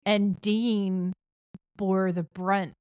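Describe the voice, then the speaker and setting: A woman's voice: mid-range voice, little pitch movement, extremely slow, darkish tone, clear, resonant tone, dry recording. A woman co-hosting a podcast, recapping a TV episode in casual chat and retelling scenes at length. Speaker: podcast co-host.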